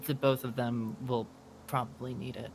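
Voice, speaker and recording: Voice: mid-range voice, level tone, moderate pace, a little hiss or hum. A player casually narrating their character's actions in a tabletop game.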